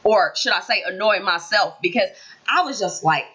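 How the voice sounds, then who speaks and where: Sassy, bright-voiced woman vlogger. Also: mid-range voice, normal speed, husky, lo-fi sound. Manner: animated, sassy, talks straight to viewers. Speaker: reality TV recap vlogger. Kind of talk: casual opinionated recap.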